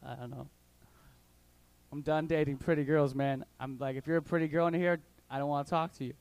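A young man doing stand-up comedy, telling crude stories full of slang in an animated way on a club stage. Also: on the high side, a little fast, clean tone, no room sound.

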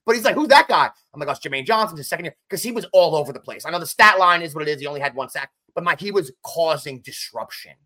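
A man co-hosting a casual sports podcast, talking fast and emphatic as he runs through game stats. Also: a little high, expressive, pushed and bright. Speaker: podcast co-host.

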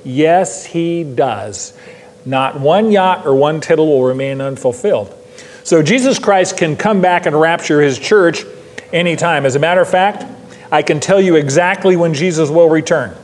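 Man preaching in a church, emphatic and repetitive, fairly high voice, long hall echo. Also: moderate pace. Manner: emphatic, repeats key lines for stress. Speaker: pastor. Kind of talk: sermon.

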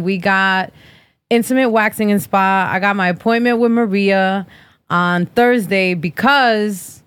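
A woman's voice: mid-range voice, no echo. A woman in her thirties hosting a podcast, talking bluntly and profanely in casual chat and sponsor reads. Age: 30s. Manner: blunt, profane, sassy trash talk. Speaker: podcast host.

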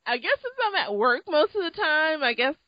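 A woman's voice: high-pitched, very animated, moderate pace, no echo, highs cut off. A woman co-hosting a casual chat, giggly and talkative, with lots of "like" fillers. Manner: giggly, chatty, many fillers like "like". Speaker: podcast co-host.

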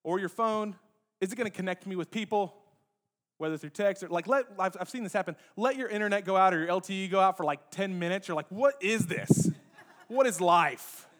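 A pastor with a noticeably high voice for a man preaches in a casual, conversational way. He talks straight to the congregation, slipping in playful jokes between points. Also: fast. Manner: lively, joking asides to the congregation. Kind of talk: conversational sermon. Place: church sanctuary.

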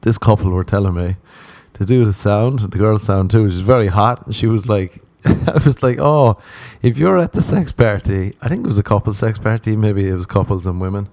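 A man's voice: lowish voice, a little fast, hardly any pauses, a little mellow, no room sound. A man hosting a casual solo podcast, rambling, swearing and mocking himself, often laughing. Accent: non-American. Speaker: podcast host.

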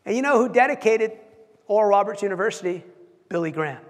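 A man preaching a sermon, telling stories and acting out quotes with animated delivery, often repeating words as he goes. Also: high-pitched, fast. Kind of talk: sermon storytelling. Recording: long hall reverb.

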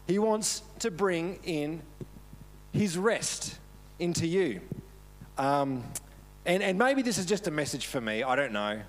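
A man's voice: fairly high pitch, expressive, slow, pauses often. A man preaching a casual, storytelling sermon with self-deprecating humour, laughing often as he talks. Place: church service.

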